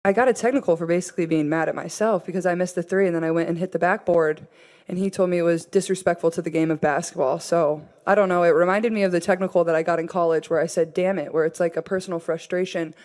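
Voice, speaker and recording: A woman's voice: lowish voice, steady tone, quick pace, a little mellow. A woman athlete answering questions at a press conference in a candid way, with fillers. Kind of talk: post-game press conference.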